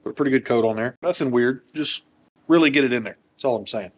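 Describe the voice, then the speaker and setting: A man's voice: mid-range voice, quick pace, slightly rough. A man working as a motorcycle technician, talking through a wheel install in a workshop with joking, self-deprecating asides. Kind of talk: casual how-to tutorial.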